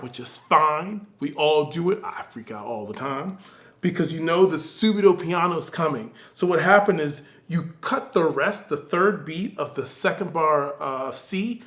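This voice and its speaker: A man with a fairly high voice gives a casual music lesson. He sings the passages aloud in quick syllables and starts over mid-sentence. The room around him is echoey. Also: a bit bright. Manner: talks in loose restarts. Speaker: music teacher giving feedback.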